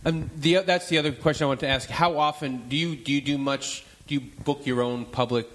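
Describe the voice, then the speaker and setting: A man, an author, chatting casually in a halting way, stammering and restarting his sentences. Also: medium pitch, steady tone, a bit bright, slight background noise. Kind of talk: casual chat.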